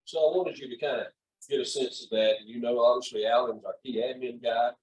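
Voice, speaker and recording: A man's voice: mid-range voice, steady tone, brisk, a little mellow, far from the mic. Older man rambling folksy in echoey room. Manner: rambling, folksy storytelling with many uh's. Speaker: chaplain leader. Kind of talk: training session talk. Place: meeting room with an audience.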